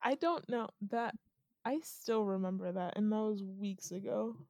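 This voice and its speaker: A woman's voice: mid-range voice, normal speed, dry recording, studio quality. A young woman casually recounting a dream to a friend, often laughing as she tells it. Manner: laughs often, animated storytelling. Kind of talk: casual chat telling a dream.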